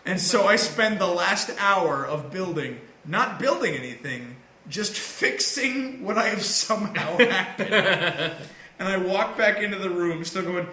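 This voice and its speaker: A high-pitched man with a very bright, ringing voice, telling stories in an animated, casual way and breaking into loud laughs. He sounds like he is in an echoey room with a faint hiss behind him. It comes across as a relaxed chat among friends. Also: normal speed. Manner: animated, laughs loudly and often. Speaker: podcast co-host.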